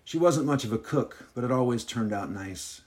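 A gruff retired widower, as a man reads him aloud, blunt and a little too loud. The voice sits in an ordinary middle pitch. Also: animated, moderate pace, lightly acted. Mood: reminiscing. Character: grieving retired Southern father, gruff and distant.

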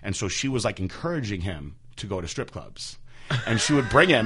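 Bright-voiced man in casual chat. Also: lowish voice, a little fast. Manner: candid, crude storytelling with animated impressions. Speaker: podcast host.

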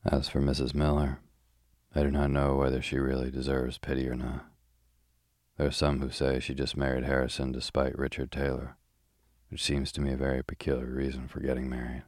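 A man's voice: a bass voice, completely flat delivery, fairly quick, a little mellow, no room sound, studio quality. A man voicing a chatty, pious older spinster housekeeper in a sleepy bedtime audiobook reading. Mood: gossipy. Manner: chatty, prim, old-fashioned.

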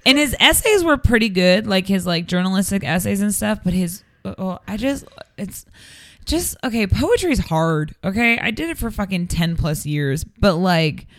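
An Irish woman chatting as a guest on a podcast. She talks in a blunt, animated way and swears freely. Her voice sits at an average pitch and sounds dry and close to the mic. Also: moderate pace, dry recording. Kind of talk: casual chat.

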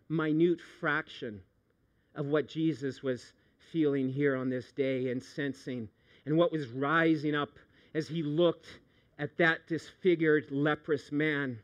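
Middle-aged male pastor, sermon, high-pitched voice, slightly muffled lo-fi sound. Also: takes it slowly. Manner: animated, swings from hushed storytelling to loud outbursts.

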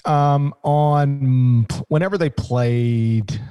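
A man co-hosting a sports podcast, telling stories with animated, joking energy. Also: mid-range voice, drawn-out words, clean tone, no echo. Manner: animated, jokey storytelling with restarts. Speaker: podcast co-host, sports analyst. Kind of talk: casual podcast banter.

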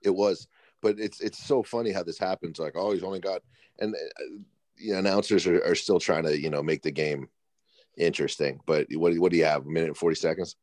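A man co-hosting a casual sports podcast, ranting in halting bursts with lots of repeated words. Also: sits low, fairly even intonation, darkish tone, no echo. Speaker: podcast co-host.

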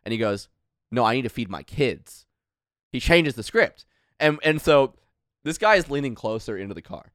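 A man co-hosting a podcast, rapidly recounting a story and quoting the people in it in a casual chat. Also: mid-range voice, dry recording, clean studio sound. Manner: rapid, animated anecdote telling with quoted voices. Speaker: podcast co-host.

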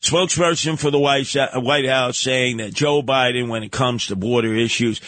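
A man's voice: medium pitch, fairly even intonation, moderate pace, a bit bright, no room sound. A man hosting a talk radio show, delivering a blustery, sarcastic, mocking monologue into a studio microphone.

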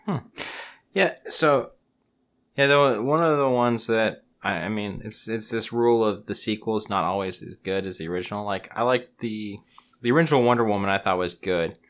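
A man's voice: on the low side, moderate pace, fairly bright tone. A man hosting a podcast in casual chat, laid-back with teasing banter. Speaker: podcast host.

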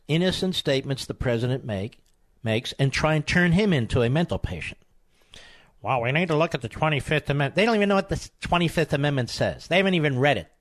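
A man hosting a political talk radio show, combative and emphatic, with sudden high outbursts.

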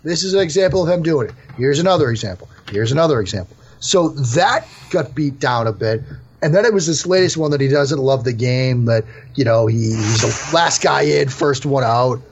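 A man's voice: medium pitch, animated, normal speed, slight background noise. A man who is a guest analyst on a sports podcast, talking emphatically in a casual interview. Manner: emphatic, repetitive. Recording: dull lo-fi sound.

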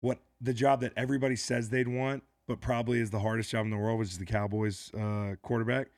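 A man's voice: medium pitch, level tone, fast talker, a little mellow, dry recording. A man hosting a podcast in a studio, talking casually and asking long, chatty, leading questions. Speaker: podcast host.

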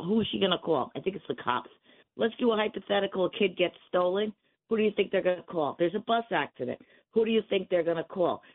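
A woman calling in to a radio show, heated and emphatic, firing rhetorical questions. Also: on the low side. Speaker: caller. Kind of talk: call-in radio talk. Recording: phone line.

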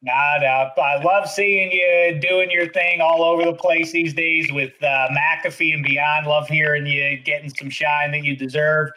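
A man's voice: a little high, steady tone, a little slow, few pauses, noisy background. A man hosting a podcast, chatting in a jokey, chummy way, with a voice he himself calls annoying. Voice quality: self-described annoying voice. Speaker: podcast host. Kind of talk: casual podcast chat.

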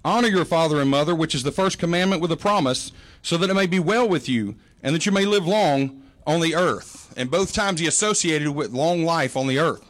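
A man's voice: a little high, a little fast, a bit bright. A middle-aged male pastor giving a sermon, telling humorous, folksy stories about his mother.

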